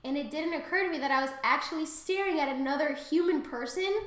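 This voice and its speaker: A woman co-hosting a podcast in casual chat, excitable and sweary, loudly acting out quotes. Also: high-pitched, fast talker, roomy sound. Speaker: podcast co-host. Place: home room.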